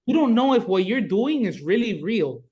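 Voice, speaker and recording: A man's voice: sits high, normal speed. A man from South Florida, a paranormal investigator guest, telling stories in casual podcast chat, swearing freely and acting out reactions. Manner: animated storyteller, swears freely, acts out reactions.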